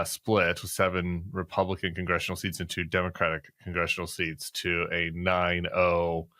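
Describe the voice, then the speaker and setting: A male podcast host with a low but bright, forward voice that sounds dry and close to the mic. He chats casually about politics, teasing himself and tossing in filler words as he goes. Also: no room sound. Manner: jokey, self-deprecating, chatty with fillers.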